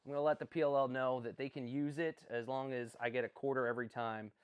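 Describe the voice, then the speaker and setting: Speaking fast and smoothly at medium pitch, a young live-stream host comments on a sports draft. He's excitable and rambling, correcting himself often.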